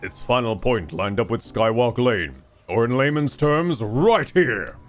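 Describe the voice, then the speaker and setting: A man's voice: mid-range voice, lively intonation, unhurried, natural voice. A British man reading aloud the lines of a pompous young male fighter who plays detective, with mock gravity. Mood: grandiose.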